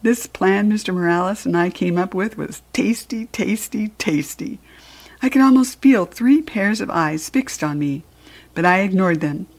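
Expressive female storyteller for a children's book, gravelly husky tone. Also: medium pitch, normal speed. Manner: expressive, playful narration. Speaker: reader. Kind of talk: reading a children's book aloud.

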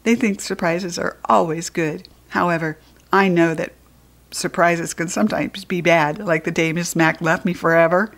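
A woman reads a children's story aloud with an expressive, lively delivery. Her voice sits slightly low for a woman. She reads it as storytelling. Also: normal speed. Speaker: narrator reading a children's book.

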